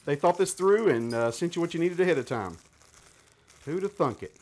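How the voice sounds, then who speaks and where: A man's voice: on the high side, animated, fast, a little mellow. A man reviewing gear in a casual hands-on demonstration, chatting and thinking aloud as he handles each part.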